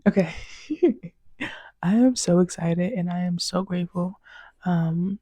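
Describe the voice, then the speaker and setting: A woman's voice: lowish voice, mellow, no echo. A woman hosting her own vlog, talking to camera in a chatty, rambling way with lots of fillers. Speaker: vlog host. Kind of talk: casual monologue to camera.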